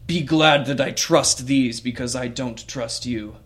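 A man's voice: mid-range voice, a little slow, fairly bright tone, close to an everyday voice. A man voicing a big, snorting, distrustful male creature who speaks bluntly and grudgingly.

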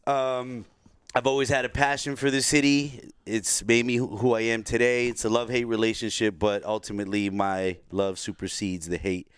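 A man from Brooklyn with a New York accent, a podcast guest telling his story in a streetwise, animated way. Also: mid-range voice, normal speed, clear, resonant tone, no room sound. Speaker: guest, tour guide. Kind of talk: casual chat.

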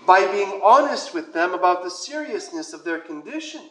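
Man, priest, high voice, conversational sermon storytelling, reverberant church room. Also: big pitch swings, moderate pace, slight background noise. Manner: conversational storytelling with soft whispered asides. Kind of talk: sermon with personal anecdote.

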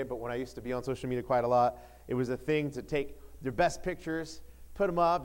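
A middle-aged man from Ohio giving a sermon as pastor, upbeat and chatty, with excited whoops between points. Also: mid-range voice.

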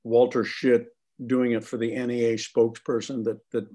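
Man telling lively profane anecdotes. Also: mid-range voice, normal speed. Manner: animated, profane, laughing storyteller. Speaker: actor guest. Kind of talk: casual anecdotal storytelling.

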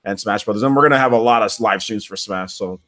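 A man's voice: on the low side, quick pace, a bit bright. A man guest on a gaming podcast, animatedly plugging his stream. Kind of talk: casual chat.

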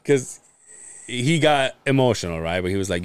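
A man's voice: medium pitch, normal speed, clear, resonant tone. A man co-hosting a podcast, telling a story in casual chat, acting out the people in it and laughing and swearing along the way. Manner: animated storyteller, acts out quoted people, lots of swearing and laughing. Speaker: podcast co-host.

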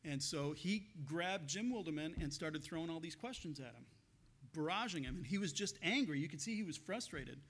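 A man's voice: fairly high pitch, expressive, moderate pace, fairly bright tone. A man pastor giving a conversational sermon, telling stories with frequent laughs and restarts.

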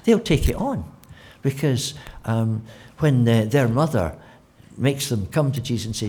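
A man preaches a sermon, telling the story with animated delivery and acting out quotes in different voices. He speaks at a medium pitch and a measured pace.

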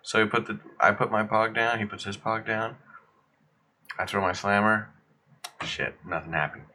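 A young man in a casual podcast chat, telling an animated story and acting out what people said. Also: lowish voice, normal speed, slight background noise. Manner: animated storyteller, acts out dialogue, swears.

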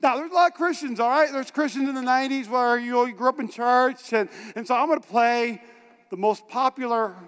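A pastor preaches to his congregation, joking and animated and pulling the crowd in. His voice is a man's but strikingly high. It rings with the long reverb of a big church hall. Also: brisk, smooth. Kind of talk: energetic sermon.

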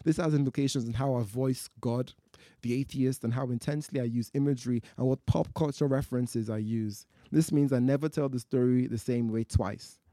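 A male poet from West Africa tells a story live in a night-time festival tent. His delivery is measured and rhythmic, with mid-range pitch. The sound is close and dry. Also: fairly even intonation, dark tone, dry recording.

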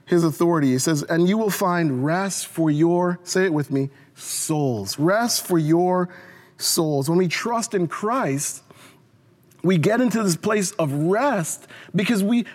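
High-voiced male pastor preaching in a hall. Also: a little mellow. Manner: earnest preaching with repeated restarts, asks the congregation to respond. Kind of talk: sermon. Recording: long hall reverb.

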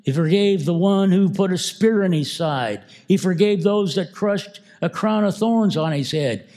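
Male pastor, sermon delivery, unhurried and warm-toned. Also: high-pitched. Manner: slow, emphatic preaching with repeated phrases.

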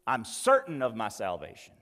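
A man's voice: mid-range voice, huge pitch swings, moderate pace, fairly bright tone, big-room sound. A man preaching a sermon as pastor, conversational and emphatic, with folksy asides.

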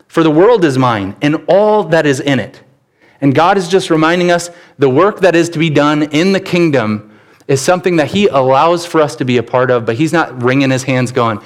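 A man preaching a church sermon, telling stories with sudden bursts of animation. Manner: animated storytelling with sudden rises in pitch. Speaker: pastor.

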